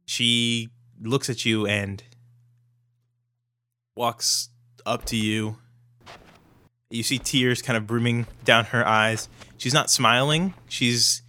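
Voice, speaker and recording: Casual male game master, bright voice. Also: medium pitch, fairly even intonation, slow, pauses often, a little hiss or hum. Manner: casual, hedging, many fillers. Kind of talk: narrating a tabletop game.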